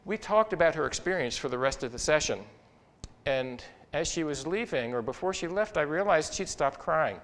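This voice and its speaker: An older man, a psychology professor, telling a personal story in a talk, expressive and reflective, with small restarts. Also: normal speed. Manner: expressive, rises and falls in pitch and loudness while recounting.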